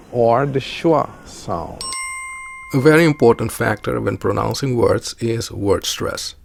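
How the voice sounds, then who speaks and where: A man teaching a pronunciation lesson in a deliberate, explanatory way. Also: medium pitch, creaky, a little mellow, slight background noise. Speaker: language teacher.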